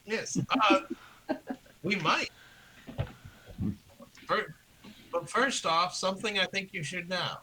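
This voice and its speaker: A man taking part in a tabletop game, stumbling and restarting as he speaks. His voice is bright and sharp, sitting a little high. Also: slow, long pauses, a little hiss or hum, rough recording. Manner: hesitant, restarts mid-sentence. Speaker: player. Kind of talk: tabletop role-play.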